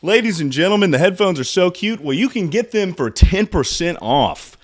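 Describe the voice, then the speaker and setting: Still catching his breath, a young man in his twenties streams casually at a normal speed. His pitch jumps around a lot between lines, and he's loud, excitable, and freely profane.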